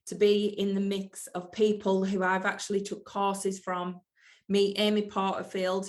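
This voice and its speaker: Earnest woman podcaster, motivational monologue. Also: medium pitch. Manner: earnest, emphatic, repeats key phrases. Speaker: podcast host.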